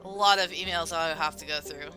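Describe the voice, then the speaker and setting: A woman streaming a game and chatting casually with a friend, easygoing and quick to get excited. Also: sits low, faint music behind, rough recording. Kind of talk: casual chat while gaming.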